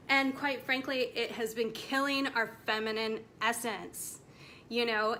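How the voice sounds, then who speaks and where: A woman's voice: a little high, bright, forceful tone, a little hiss or hum. A woman in her forties, a women's coach, talking passionately and emphatically to camera about self-care. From United States. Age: 40s. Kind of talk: direct-to-camera motivational talk.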